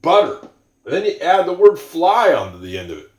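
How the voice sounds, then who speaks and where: Male English teacher, lively pitch, roomy echo; patient, repeats examples. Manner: slow, repeats example sentences, musing asides. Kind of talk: explaining English to learners.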